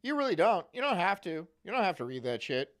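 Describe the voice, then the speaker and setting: A man's voice: high voice, very animated, fast talker, a bit bright. A man streaming, chatting casually in profane, rambling rants. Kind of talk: casual chat.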